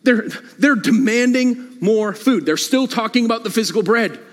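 A male pastor preaching a sermon in a church, with animated delivery and frequent repeated phrases. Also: very high-pitched, moderate pace, long reverb tail. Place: church sanctuary.

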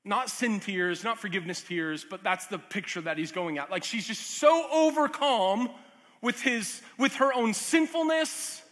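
High, bright-voiced man preaching in a hall. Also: a little slow. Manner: earnest, conversational preaching with asides and restarts. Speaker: pastor. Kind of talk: sermon. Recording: long hall reverb.

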